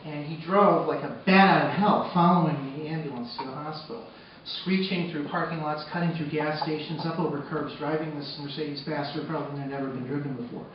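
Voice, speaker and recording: On an arts center stage before a live audience, a man with a fairly high voice tells a personal story, sinking into hushed, sombre tones before surging into loud, excited retelling at a brisk pace with few pauses. He's captured from a distance in a very echoey hall, and the sound is dull with steady noise behind him.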